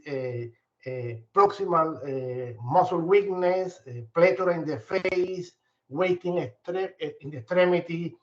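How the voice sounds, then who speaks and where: Older male doctor, Spanish accent, halting comments full of fillers, a higher-pitched voice in an echoey room with dull sound. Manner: hesitant, many fillers and restarts. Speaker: physician asking a question. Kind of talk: audience comment at grand rounds. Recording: echoey room, muffled lo-fi audio.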